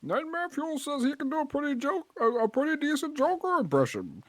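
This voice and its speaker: A voice with lively, swinging pitch riffs deadpan on a gaming stream. The delivery wanders and rambles between jokes. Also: brisk, dry recording. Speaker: co-commentator. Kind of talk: casual gameplay chat.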